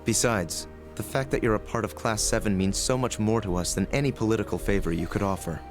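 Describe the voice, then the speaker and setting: A man voicing a composed young nobleman in a video game, speaking in a measured, dry way. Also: on the low side, music in the background, lightly acted.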